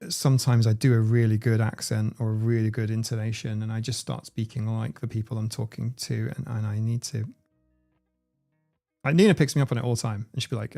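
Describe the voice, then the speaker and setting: A man's voice: on the low side, flat delivery, a little fast, gravelly, dark tone, faint music behind. A man hosting a casual livestream, rambling, swearing freely and reading the chat aloud. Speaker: livestream host.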